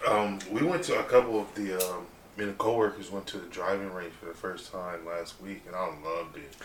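A man hosting a casual chat, asking relaxed, friendly questions. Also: low voice, fairly quick. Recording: echoey room, distant mic.

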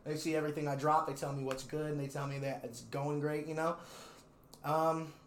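A young male rapper and videographer, interviewed casually, stays laid-back and profane with frequent laughter. He speaks fairly quickly in a slightly high, steady tone; the echoey room recording has a little hiss or hum.

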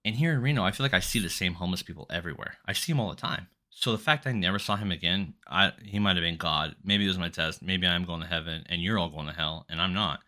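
A man's voice: deep voice, fast, few pauses. A man hosting a solo podcast, telling a story in a rambling, profane and exasperated way. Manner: animated, exasperated. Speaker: podcast host.

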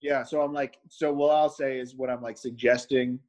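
A man's voice: mid-range voice, fairly even intonation, normal speed, a little mellow, poor audio. A man co-hosting a podcast, chatting casually in a rambling way and laughing often. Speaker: podcast co-host. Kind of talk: casual chat.

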